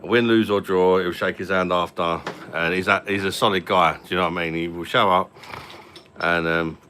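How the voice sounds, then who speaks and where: Very deep-voiced man, forceful. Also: steady tone, normal speed, slight background noise. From London. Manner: rambling, chatty, full of fillers and repeats. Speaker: live-stream host. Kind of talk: casual live-stream chat.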